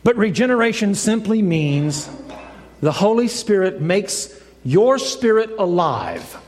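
High-voiced preacher in a reverberant hall. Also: male voice, big pitch swings, slow, darkish tone. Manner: folksy storyteller, acts out voices in the joke. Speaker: pastor. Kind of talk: sermon with a told joke. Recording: long reverb of a church hall.

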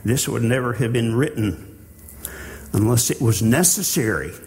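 A man preaching a sermon in a slow, earnest way, with halting restarts. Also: medium pitch, darkish tone, a little hiss or hum. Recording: long hall reverb.

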